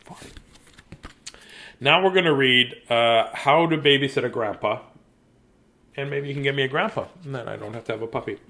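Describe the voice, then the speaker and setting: A man's voice: mid-range voice, normal speed, long pauses, sharp tone, slight background noise. Male storyteller, casual read-aloud host, playful riffing, mid-range voice. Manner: playful and chatty, laughs and riffs. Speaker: host reading children's books aloud.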